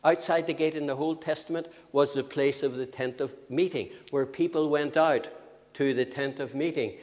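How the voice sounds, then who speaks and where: An older man preaching a sermon, swinging from loud emphatic phrases to quiet asides. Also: on the high side. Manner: lively with sudden rises and drops, slow emphatic phrasing. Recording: long reverb of a church hall.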